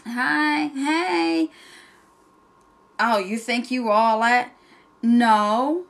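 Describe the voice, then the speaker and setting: A woman's voice: fairly high pitch, a bit bright. A woman with a Southern accent, giving sassy, direct motivational talk in a vlog about starting a business. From New Jersey. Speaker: home business entrepreneur.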